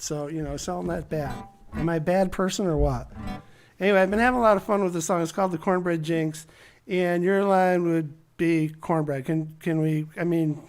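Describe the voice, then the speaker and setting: A man who sings and plays guitar, bantering loosely between songs on a live stage and trailing off into quiet, joking asides. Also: fairly high pitch. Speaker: band singer and guitarist. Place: live stage at a barn music venue. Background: guitar strumming under the talk.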